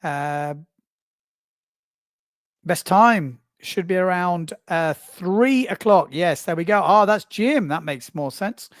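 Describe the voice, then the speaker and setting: A man hosts a live stream from a small booth and chats casually as he reads out viewer comments. His voice sits a bit high, and the close mic gives a dry sound with no room echo. He laughs easily and pokes fun at himself. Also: animated, slow. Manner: chatty, self-mocking, laughs often.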